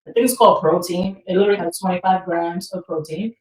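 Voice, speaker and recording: A woman's voice: on the low side, quick pace, roomy sound, distant mic, low-quality recording. A woman in her thirties co-hosting a podcast, talking casually and swearing easily. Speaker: podcast co-host. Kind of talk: casual chat.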